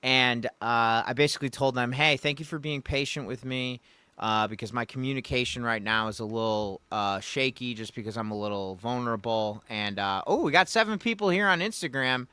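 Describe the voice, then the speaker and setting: A man's voice: mid-range voice, fairly quick, pushed and bright, clean tone, no echo. A man hosting a casual livestream, rambling and folksy as he talks to viewers in the chat. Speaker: livestream host. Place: Louisiana.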